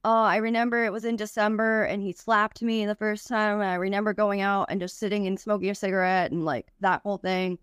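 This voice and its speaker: A woman's voice: mid-range voice, steady tone, a little fast, few pauses, clean tone, no echo, clean studio sound. A young woman, a podcast guest, tells a personal story candidly, with frequent swearing and many "like" fillers.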